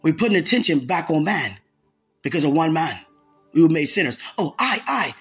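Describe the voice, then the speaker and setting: A woman delivering an impassioned sermon. Her voice is very breathy and husky, and she keeps repeating lines and rising into shouts. Soft music plays faintly behind her. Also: low-pitched, expressive, a little fast. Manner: fervent, repetitive, bursts into shouting. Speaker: preacher.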